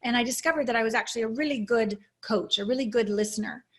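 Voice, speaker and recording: A woman coach answering interview questions over a video call. Her voice sits a little high, and her delivery is earnest, reflective and openly emotional. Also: fast. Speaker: intimacy coach, guest. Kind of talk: interview storytelling.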